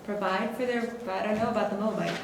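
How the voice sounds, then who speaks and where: A woman's voice: mid-range voice, fast, gravelly. A woman in a group Bible study discussion, speaking hesitantly and trailing off as she thinks. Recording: very echoey room with background noise.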